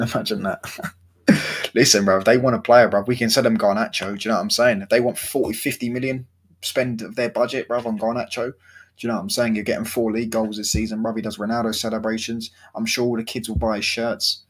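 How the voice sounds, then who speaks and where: A young man talks football in a loose, slangy, swear-heavy way. His voice sits low and sounds husky, with a sore throat. He keeps the chat laid-back and rambling. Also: little pitch movement, fairly quick. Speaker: football vlogger.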